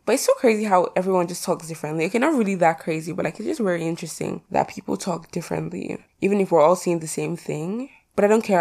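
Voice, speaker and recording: A woman's voice: on the low side, a little mellow. A teenage girl hosting her own podcast, chatting casually in a rambling, self-mocking way. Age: teens. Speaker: podcast host. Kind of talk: casual solo podcast chat.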